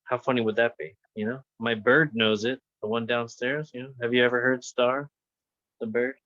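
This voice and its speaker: A man's voice: mid-range voice, flat delivery, moderate pace, fairly bright tone, dry recording. Man co-host, jokey and casual, dry close audio. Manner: playful, jokes and puts on silly voices. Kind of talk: casual chat. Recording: dull, muffled dry audio.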